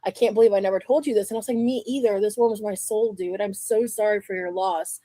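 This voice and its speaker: A woman's voice: mid-range voice, steady tone, dark tone. A young woman talks casually on her live stream, rambling and restarting her sentences. Her voice sits in a middle range. The sound is close and dry, with no room echo. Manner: rambling, halting, with many restarts and fillers.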